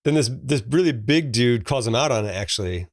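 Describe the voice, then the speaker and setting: A man's voice: mid-range voice, lively intonation, brisk, dry recording, clean studio sound. A man in his forties co-hosting a podcast, chatting casually about a movie in a storytelling way with plenty of fillers and laughs. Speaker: podcast co-host. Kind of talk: casual movie review chat.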